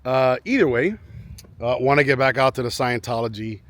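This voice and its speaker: A vlogger rambles through a casual chat to camera outside in a residential neighborhood, frequently repeating himself as he restarts sentences. He talks at a normal speed with a medium-pitched, fairly bright voice over slight background noise.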